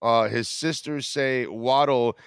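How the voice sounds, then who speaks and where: Blunt, animated man hosting sports radio. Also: mid-range voice, slow, vocal fry, clean tone, dry recording, studio quality. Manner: blunt, swears freely, animated storytelling. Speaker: radio show host. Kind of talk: casual sports talk.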